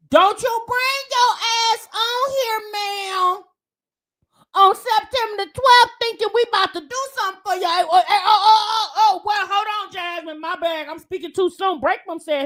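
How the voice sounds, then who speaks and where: A woman's voice: very high-pitched, normal speed, a bit bright. A woman hosting a livestream, teasing and commenting on a clip with lots of laughter and repeated words. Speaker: livestream host reacting to a clip.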